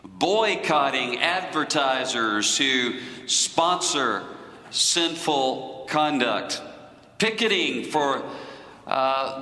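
A man preaching a sermon in a slow, deliberate teaching manner. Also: mid-range voice, bright, forceful tone, echoey room, in a large hall, rough recording.

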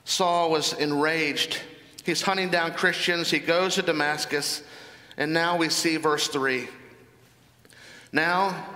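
A man's voice: on the high side, pushed and bright, long reverb tail. A man preaching a sermon as pastor, earnest and full of rhetorical questions.

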